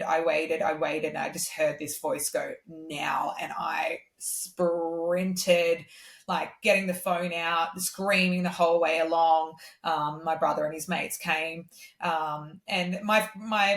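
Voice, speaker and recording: A woman speaks as a guest, candid and earnest as she tells her stories in easy conversation. Her voice sits a little low for a woman. The room around her adds a clear echo. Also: a bit bright. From Australia. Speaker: guest singer-songwriter. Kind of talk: casual conversation. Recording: roomy echo.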